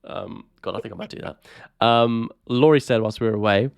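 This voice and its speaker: A man from England co-hosting a podcast, chummy and teasing, quick to laugh. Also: lowish voice, creaky, clean tone, no echo, studio quality. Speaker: podcast co-host. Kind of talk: casual banter.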